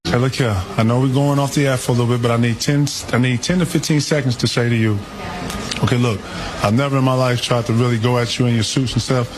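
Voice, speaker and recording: A man's voice: mid-range voice, steady tone, quick pace. A man on a TV broadcast, teasingly and insistently ribbing a co-host on air. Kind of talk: on-air banter. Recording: noisy broadcast audio.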